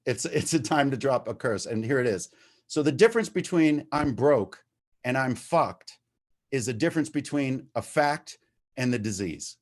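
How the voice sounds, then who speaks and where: A man telling his story at a recovery meeting over a video call, talking candidly, swearing freely and getting worked up as he goes. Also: medium pitch. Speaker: recovering addict sharing at a meeting. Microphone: video-call microphone.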